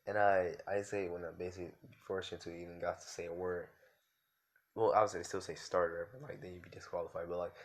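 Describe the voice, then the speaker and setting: Deep-voiced young man rambling casually. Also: little pitch movement, quick pace. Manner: rambling, loose slangy talk full of fillers. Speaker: YouTuber. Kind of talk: improvised fan-fiction storytelling.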